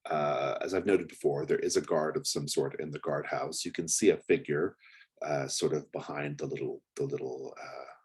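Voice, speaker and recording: A man's voice: a bass voice, fairly even intonation, moderate pace, husky. A man narrating as game master of a tabletop game, describing scenes in a hesitant way with many fillers.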